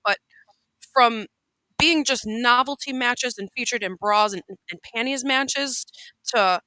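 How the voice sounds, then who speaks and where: A woman co-hosts a casual podcast, speaking with earnest, heartfelt emphasis and frequent restarts. Her voice is bright and sits a little high. The sound is dry and close. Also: takes it slowly, no echo, rough recording. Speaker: co-host.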